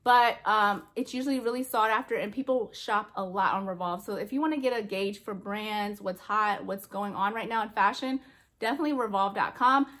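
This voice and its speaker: A young adult woman chatting excitedly in a casual haul vlog, gushing over her finds. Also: medium pitch, a little fast. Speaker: reseller vlogger.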